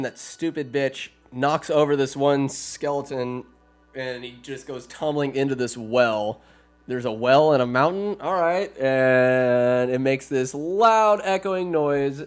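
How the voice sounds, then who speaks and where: A man's voice: medium pitch, clear, resonant tone. A man hosting a podcast, giving a rambling, crude and sarcastic comedic movie recap. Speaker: podcast host.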